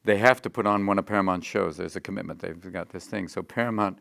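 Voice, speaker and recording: Man, gravelly and deep, dry close sound, animated storyteller, interview guest. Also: dry recording. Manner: animated, slips into quick character voices mid-story.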